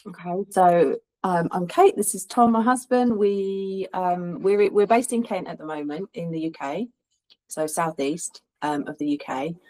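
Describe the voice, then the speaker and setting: A woman's voice: fairly low pitch, a little slow, warm tone, poor audio. A woman from the London suburbs with a slight Cockney accent, chatting as an interview guest, rambling with frequent ums and restarts. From suburbs of London, England. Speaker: guest, Airbnb host and hairstylist. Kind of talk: casual interview chat.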